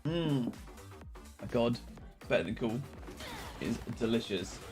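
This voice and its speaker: A British man chatting casually with viewers while streaming a game, with excited outbursts at the action. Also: medium pitch, unhurried, over music. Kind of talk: casual live-stream chat while playing.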